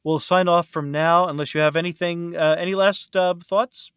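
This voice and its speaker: A man's voice: a little high, steady tone, moderate pace, a bit bright, clear, resonant tone, no echo, clean studio sound. A man hosting a podcast in casual chat, rambling with many fillers and restarts. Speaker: podcast host.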